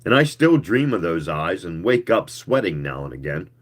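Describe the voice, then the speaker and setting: A man giving a live reading of a story in a slow, measured storytelling manner. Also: low voice, sing-song. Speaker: reader.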